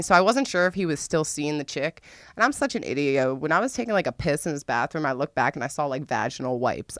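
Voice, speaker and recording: A woman's voice: sits low, a bit bright, no room sound, studio quality. A young adult woman telling a frank, profane story to her listeners, laughing often as she talks. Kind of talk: candid storytime monologue.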